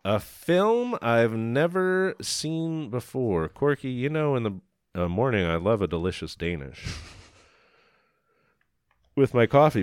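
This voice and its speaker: A man co-hosts a film podcast in a relaxed, rambling way, enthusiastic and often profane. His voice sits low and sounds smooth and resonant. The recording is close and dry. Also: no room sound. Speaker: podcast co-host. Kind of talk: casual film podcast chat.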